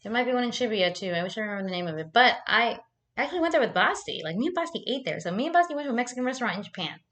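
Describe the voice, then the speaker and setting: A woman's voice: a little high, big pitch swings, racing, fairly bright tone. A woman vlogging at home into a camera mic, telling rambling, profane stories in casual chat with lots of "like". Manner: rambling, profane storytelling with frequent likes.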